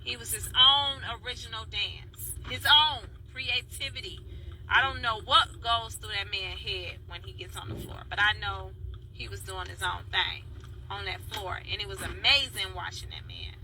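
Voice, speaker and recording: A woman's voice: medium pitch, normal speed, sharp tone, slight background noise, poor audio. A woman from Chicago talking in a heartfelt, rambling way, calling out to her viewers by name. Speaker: dance video blogger. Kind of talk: casual spoken vlog.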